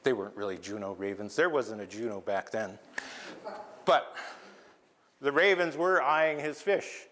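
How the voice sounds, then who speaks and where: A man telling a traditional tale to a live audience in a lively, engaging way, with asides to the listeners. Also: medium pitch, measured pace, long pauses, long reverb tail, slight background noise. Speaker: traditional storyteller. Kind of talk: oral storytelling to a live audience. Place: lecture hall.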